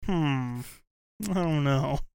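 A man's voice: medium pitch, drawn-out words, smooth, no echo, clean studio sound. A man hosting a casual podcast chat about a movie, joking and laughing often. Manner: laughs often, lively and jokey. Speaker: podcast host.

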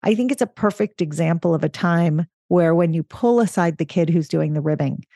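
A woman's voice: on the low side, moderate pace, mellow, dry recording, clean studio sound. A woman co-hosting a podcast, explaining ideas on parenting in a thoughtful, explanatory way. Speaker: podcast co-host. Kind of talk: casual parenting discussion.

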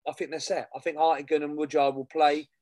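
A man's voice: a little high, flat delivery, fast, a little mellow, no echo. A man co-hosting a fan podcast, rambling in casual football chat and repeating himself. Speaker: podcast co-host.

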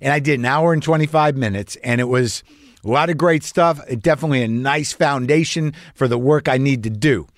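A man's voice: mid-range voice, brisk, no echo, studio quality. A man who is a comedian, telling a rambling, profane, anxious story as host of his own show. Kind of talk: storytelling monologue.

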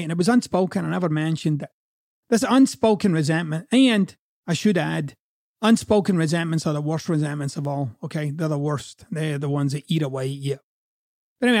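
A man's voice: a little high, darkish tone, no room sound, clean studio sound. A man from Scotland with a Scottish accent, a coach giving a blunt, profane, conversational motivational talk.

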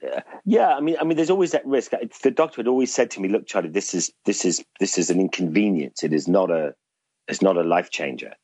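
Husky, low-voiced man. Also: expressive, fairly quick, darkish tone, no room sound. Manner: rambling, self-deprecating, laughs often. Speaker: interview guest. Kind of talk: casual anecdotal storytelling.

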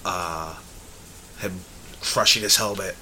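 A young man co-hosting a podcast in casual chat, animated and jokey. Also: deep voice, slow, a little hiss or hum. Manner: animated, jokey, bursts into loud put-on voices. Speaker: podcast co-host.

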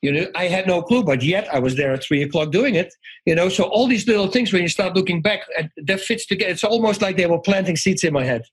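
Interview guest: a man, fairly high and husky, tells animated stories. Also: fast, poor audio. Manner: animated, acts out quoted voices, restarts often. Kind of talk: conversational storytelling.

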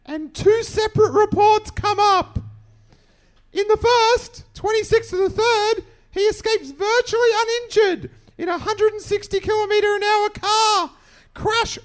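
A man putting on a shrill, indignant letter-writer voice, reading in an exaggerated sing-song. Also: measured pace, a bit bright. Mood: mock outrage.

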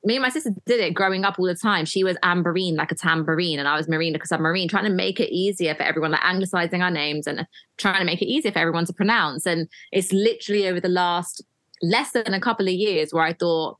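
A woman, a podcast guest chatting in a relaxed, self-deprecating way. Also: fairly low pitch, fast talker, no room sound. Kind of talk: casual podcast chat.

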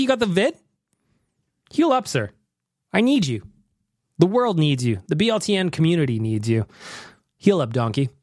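A man's voice: on the high side, a little mellow, no room sound, studio quality. A man hosting a casual podcast, chatty and rambling, joking as he plays listener voicemails. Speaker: podcast host. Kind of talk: casual chat.

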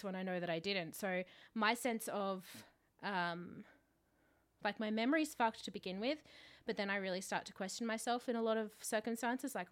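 A woman's voice: medium pitch, normal speed. A woman co-hosting a podcast in casual chat, talking candidly and rambling, swearing freely. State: out of breath. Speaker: podcast co-host.

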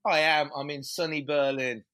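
A British man, a comedian, answering casually from home in a remote interview, relaxed and self-mocking. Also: on the high side, moderate pace. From Britain. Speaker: guest comedian. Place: home in Berlin.

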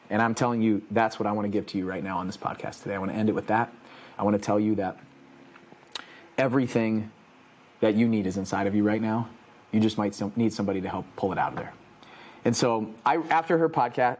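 A man's voice: lowish voice, a little mellow. A man hosting a podcast, giving an earnest, preaching motivational monologue with repeated emphatic phrases. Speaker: podcast host.

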